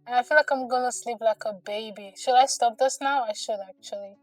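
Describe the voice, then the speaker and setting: A woman's voice: a little high, fairly quick, dry recording, recorded from a distance, low-quality recording. A young woman vlogging while she crochets in her home studio, chatty and tired, often saying "like" and "guys". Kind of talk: casual vlog talk while crocheting.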